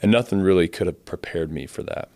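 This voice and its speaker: A young man telling his life story in a quiet, halting way. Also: sits low, dry recording. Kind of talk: personal testimony, told plainly.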